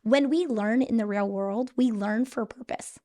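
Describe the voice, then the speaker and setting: A woman's voice: a little high, normal speed, mellow. A middle-aged woman, a school headmaster, explaining her teaching approach earnestly in a podcast interview. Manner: earnest, explanatory, repeats words when restarting.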